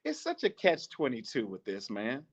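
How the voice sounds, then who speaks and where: A man hosting a podcast, talking in a casual, animated monologue, swearing, preaching and laughing often. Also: mid-range voice, moderate pace, breathy edge, lo-fi sound. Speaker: podcast host.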